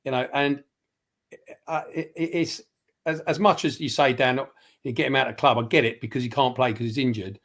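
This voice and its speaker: A man's voice: medium pitch, fairly even intonation, brisk, fairly bright tone. A man giving his football opinions on a casual livestream, rambling and passionate, with many restarts. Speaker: football pundit.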